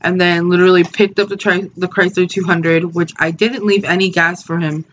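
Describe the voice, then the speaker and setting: A woman's voice: on the low side, flat delivery, normal speed, muffled recording, a little hiss or hum. A woman, telling a story in a casual vlog, blunt and swearing freely, with lots of "like" and "dude". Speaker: vlogger.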